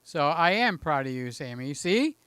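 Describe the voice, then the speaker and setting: High, crisp-voiced man chatting on a live stream. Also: big pitch swings, moderate pace, bright, forceful tone, no room sound. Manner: chatty, jokey, reads chat aloud. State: a little out of breath. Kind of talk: casual live stream chat. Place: room in his house. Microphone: handheld mic.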